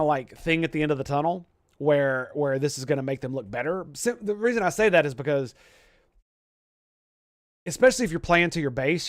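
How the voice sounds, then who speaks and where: A man's voice: a little high, no echo, studio quality. A young man talking in casual commentary as a streamer host, rambling with lots of swearing and restarts. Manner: rambling, profane, many restarts.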